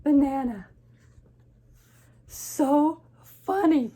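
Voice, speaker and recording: A woman reading a picture book aloud, voicing an excitable, easily panicked male elephant with loud, high, stretched-out cries. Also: exaggerated voice. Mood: giggling. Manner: loud, high, drawn-out exclaiming.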